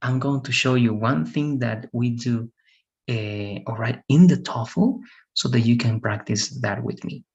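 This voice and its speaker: A man's voice: medium pitch, measured pace, creaky, darkish tone, dull audio. A man teaching an English grammar lesson in an online class, patient and repetitive, often checking in with "right?".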